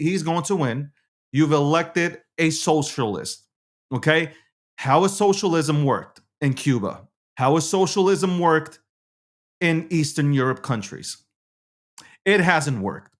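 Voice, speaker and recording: A middle-aged man, hosting a show and ranting in agitated political commentary, loud and repetitive, swearing and restarting his sentences. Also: fairly high pitch. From New York City. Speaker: show host.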